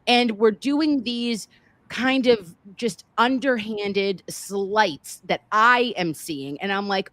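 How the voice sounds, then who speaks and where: Woman host, casual commentary; exasperated, slangy, animated; dry close mic. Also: medium pitch, takes it slowly, no room sound.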